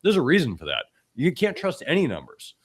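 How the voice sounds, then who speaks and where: A man hosting a podcast, hoarse from a cold, talking bluntly and with opinion, often restarting his sentences. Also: wildly swooping pitch, a little fast. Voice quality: extra deep voice. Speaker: podcast host. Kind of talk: casual podcast commentary.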